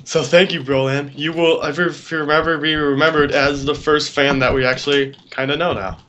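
A teenage guy co-hosts a gaming video, rambling through a story in a slightly high voice. His mic sounds dull and lo-fi. A steady hiss sits under everything. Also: brisk. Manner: rambling, trails off, retells stories with quoted voices. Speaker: gameplay co-host. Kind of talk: casual gaming chat.

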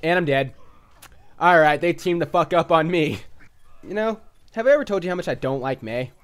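A man chatting casually while playing an online game, making crude jokes, swearing and yelling at opponents. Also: fairly high pitch, expressive, fairly quick, clear, resonant tone. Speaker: gamer. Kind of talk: casual gaming chat.

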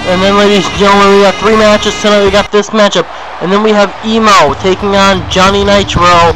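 Excitable high-voiced young wrestling announcer. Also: male voice, brisk, noisy background. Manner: excitable, repetitive hype with sudden yelps. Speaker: play-by-play announcer. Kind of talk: amateur wrestling play-by-play.

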